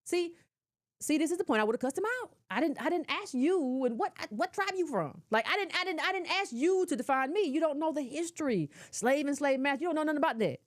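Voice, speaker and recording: A middle-aged woman talks straight at the listener in a casual, opinionated commentary. She lectures emphatically and keeps to colloquial speech, with a high voice that swoops up and down. The sound is dry and close, with little room around it. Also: expressive, brisk, no room sound. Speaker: commentator reacting to clips.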